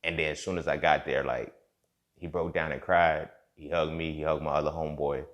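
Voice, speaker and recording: A young podcast host with an extremely low voice talks fairly quickly in a level tone. His monologue is casual and reflective, repetitive, and sprinkled with frequent checks of "you feel me."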